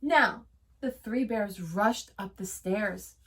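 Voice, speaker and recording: A woman teacher reading a storybook aloud to children, expressive, gasping and pausing. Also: mid-range voice, slightly rough. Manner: expressive, with gasps and pauses. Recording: voice from a distance.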